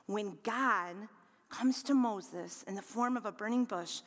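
A woman preaching a sermon, expressive, rising to bright emphasis and dropping to low, quiet lines. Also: takes it slowly. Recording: long hall reverb.

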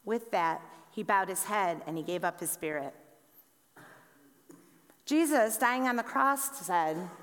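A woman preaching in a church sanctuary, her voice set fairly high and the words coming slowly and deliberately. Key lines sink to a hush, and a long reverb trails off every phrase. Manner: slow, deliberate delivery with dramatic drops in volume. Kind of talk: sermon. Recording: long reverb in a large hall.

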